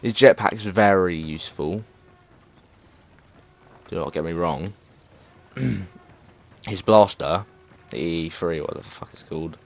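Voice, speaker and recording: A man's voice: deep voice, slow pace, creaky, pauses often. An English man giving casual, rambling gameplay commentary, full of fillers, restarts and swearing. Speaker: gaming video creator.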